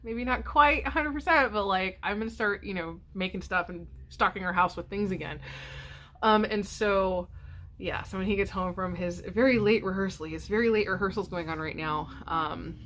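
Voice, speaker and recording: A woman's voice: medium pitch, moderate pace, a bit bright, a little hiss or hum. A middle-aged woman chatting casually to camera at home, rambling with many ums and restarts. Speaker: vlogger. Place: home, by a window.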